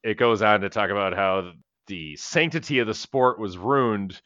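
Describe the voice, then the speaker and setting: Bright-voiced man rambling through a movie recap. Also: lowish voice, normal speed, dry recording, dull audio. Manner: rambling, profane, laughs while retelling scenes. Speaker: podcast co-host. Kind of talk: casual movie-review chat.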